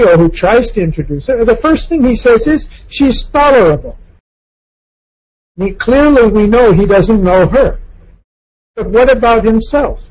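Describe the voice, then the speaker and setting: A man's voice: very high-pitched, a little mellow, breathy edge, dull audio. A man giving a reflective lecture on a novel, asking questions and acting out quoted lines in passing.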